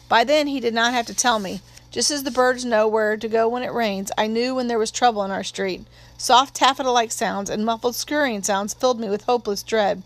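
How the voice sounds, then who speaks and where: Woman narrating an audiobook, fairly high voice. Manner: measured, steady storytelling.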